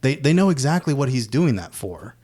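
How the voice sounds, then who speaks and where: A man's voice: mid-range voice, a little fast, slightly rough. A man co-hosting a podcast, chatting casually about movies with frequent laughs and asides. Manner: laughs often, lively asides. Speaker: podcast co-host. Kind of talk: casual film discussion.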